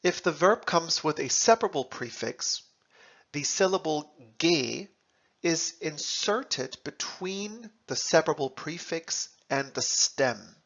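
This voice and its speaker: Very slow, gravelly man teaching. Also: fairly high pitch, expressive, fairly bright tone. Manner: deliberate, spells out German words and translations. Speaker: language teacher. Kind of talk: scripted lesson narration. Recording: dull lo-fi recording.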